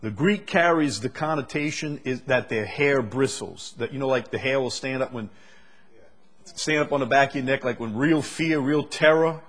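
Man, preacher, husky voice, emphatic sermon delivery, scripture reading. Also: mid-range voice, moderate pace, a bit bright. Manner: emphatic preaching with rising intensity on scripture quotes.

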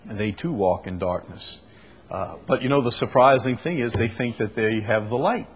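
A man preaching a sermon in a conversational way, reading scripture aloud and explaining it, often clearing his throat. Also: lowish voice, animated, normal speed. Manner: conversational, with fillers and restarts, reads scripture aloud.

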